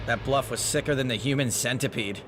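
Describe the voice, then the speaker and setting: A man's voice: medium pitch, a little fast, noisy background. Sarcastic male color commentator. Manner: dry, sarcastic quips. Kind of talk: wisecracking commentary.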